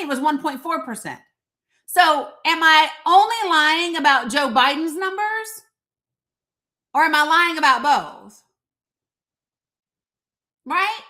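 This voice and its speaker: A woman with an East Tennessee accent rants through live political commentary. Her voice sits high and bright, and her delivery is blunt, sarcastic and salty. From Northeast Tennessee. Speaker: live show host.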